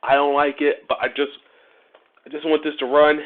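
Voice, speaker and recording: A man's voice: on the high side, little pitch movement, normal speed. A man from Ohio chatting and joking with viewers while he wires up a motorcycle, laughing often. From Ohio, USA. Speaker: motorcycle vlogger. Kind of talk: casual live-stream chat while wiring a motorcycle. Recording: phone-like narrow-band audio.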